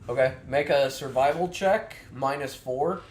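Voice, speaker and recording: A man acting as game master, describing the scene at an unhurried, drawn-out pace and filling gaps with filler sounds. His voice sits at an ordinary pitch, with a faint hum of ambient noise behind it. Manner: relaxed, lots of filler sounds, laughs often. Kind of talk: narrating a tabletop game.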